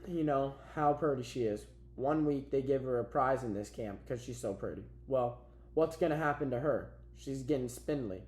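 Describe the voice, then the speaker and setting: A man's voice: mid-range voice, normal speed, darkish tone, close to an everyday voice. A man voicing a weary middle-aged migrant farm worker in a drawling rural dialect, recorded in a roomy space. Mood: anguished. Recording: roomy echo.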